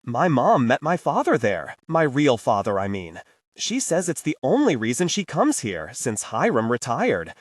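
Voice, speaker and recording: A man's voice: medium pitch, huge pitch swings, normal speed, dry recording, studio quality, distant mic. Wistful young leader, a narrator in his own voice, reflective, for an audiobook.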